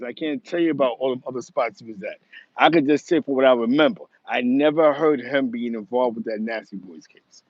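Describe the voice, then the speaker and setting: The recording is dull with no room sound as a medium-pitched man from the Bronx, New York, hosts his show. His casual commentary monologue is rambling and emphatic, broken up by many restarts.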